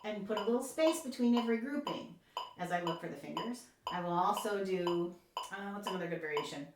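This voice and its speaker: A woman's voice: mid-range voice, expressive, fairly quick, heavy background noise. A woman oboe professor giving an encouraging, explanatory music lesson. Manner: encouraging, explanatory, with light laughs. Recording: echoey room.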